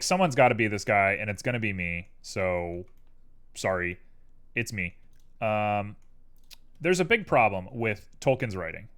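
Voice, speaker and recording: A young man talks through a live stream as he builds a model. His speech is loose and chatty and jumps between tangents. Keyboard clicks and typing tick along behind him. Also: fairly low pitch. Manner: rambling, tangential, animated. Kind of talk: casual live-stream chat while 3D modeling.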